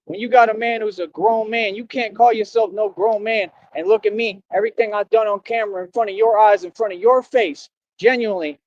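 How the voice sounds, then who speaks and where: Man, high voice, preachy ranting livestreamer, dull dry audio. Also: dry recording. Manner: preachy, defiant, swings between shouting and low brooding. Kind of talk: impassioned streamed rant.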